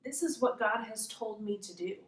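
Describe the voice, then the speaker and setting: A woman voicing a calm, resolute adult male apostle in a plain, steady way, heard in an echoey room from a distance. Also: medium pitch, normal speed, natural voice. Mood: reassuring. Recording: roomy echo, mic far off.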